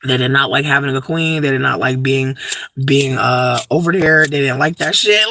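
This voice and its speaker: A man's voice: medium pitch, moderate pace, sharp tone, dry recording. A young man talking casually to a livestream chat, ranting emphatically with lots of swearing and restarts. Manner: profane, emphatic, many fillers and restarts.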